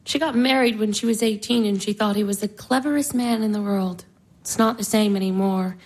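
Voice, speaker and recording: A woman's voice: mid-range voice, brisk, a little mellow, lightly acted, low-quality recording. An actress in her twenties playing a weary, disillusioned young sister. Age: 20s. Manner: subdued, weary. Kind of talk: stage drama acting.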